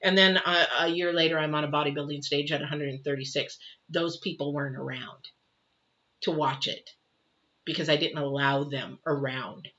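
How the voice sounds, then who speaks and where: In a live tarot session, a woman with a low voice and fairly bright tone talks at a normal pace with fairly even intonation, though the recording cuts off the highs. Her delivery is rambling and chatty, addressed directly to viewers, and she voices the people she quotes.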